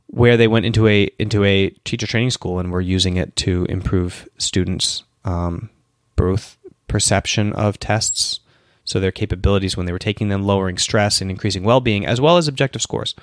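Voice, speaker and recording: A man's voice: on the low side, normal speed, no echo, studio quality. A man hosting a solo question-and-answer show, explaining at length with restarts and asides, tired and yawning early in the morning. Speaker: podcast host answering questions. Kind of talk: casual solo Q&A talk.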